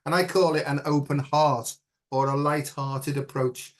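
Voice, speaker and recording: A man's voice: on the high side, steady tone, a little slow. A middle-aged man as an interview guest, telling a personal story in an earnest, reflective way and often checking in with "right?".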